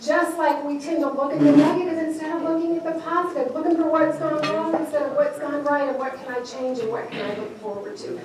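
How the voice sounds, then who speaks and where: A woman's high-pitched voice holds a steady tone, moving a little fast with hardly any pauses. She's a professional speaker giving a playful motivational talk in a large event hall, quizzing the live audience, recorded from a distance in a noisy, echoey room.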